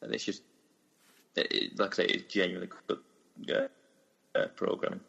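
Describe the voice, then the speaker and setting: A man co-hosting a casual podcast, talking with halting restarts and eager enthusiasm. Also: sits low, little pitch movement, vocal fry, a bit bright, breathy edge, dull audio. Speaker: podcast co-host. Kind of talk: casual chat.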